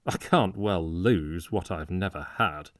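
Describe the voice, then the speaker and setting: A man reading a storybook part as an excitable young medical student who speaks with harsh, mocking sarcasm. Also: low-pitched, slow, no echo, studio quality. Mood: intense.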